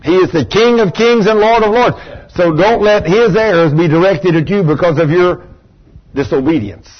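Husky older preacher, animated sermon. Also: male voice, high-pitched, normal speed. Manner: animated storytelling, acting out voices. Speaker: pastor. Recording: dull lo-fi recording.

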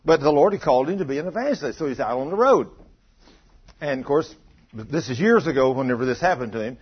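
A man's voice: mid-range voice, lively intonation, fast, breathy edge. A man preaching a folksy, conversational sermon and acting out the voices he quotes. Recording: muffled lo-fi recording.

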